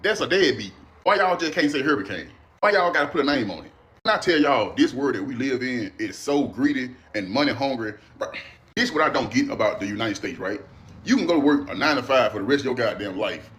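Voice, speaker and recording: Fast, indignant ranting man. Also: mid-range voice, animated, a bit bright. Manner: indignant, profane, rhetorical questions. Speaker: commentator. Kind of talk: comedic rant.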